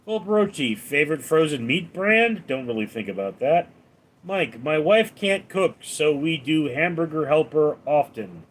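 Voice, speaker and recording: A man's voice: on the high side, animated, measured pace, slight background noise. A man hosting a casual live stream, reading viewers' names and questions aloud and answering them in a dry, offhand way.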